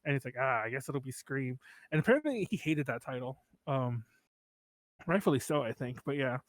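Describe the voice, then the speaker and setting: A man's voice: mid-range voice, lively intonation, fairly quick, no room sound. A man co-hosting a podcast in casual chat, rambling, swearing and laughing often. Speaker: podcast co-host.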